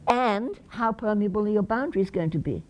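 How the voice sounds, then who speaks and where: With lively intonation and a brisk, slightly mellow medium-pitched voice, an Englishwoman gives a conference presentation over a little hiss or hum. She asks the audience questions and acts out examples.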